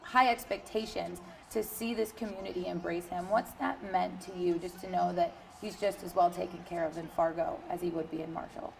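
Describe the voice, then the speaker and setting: A woman's voice: fairly low pitch, steady tone, moderate pace, vocal fry, few pauses, crowd noise. A woman interviewing a guest for a sports segment, asking long, friendly questions.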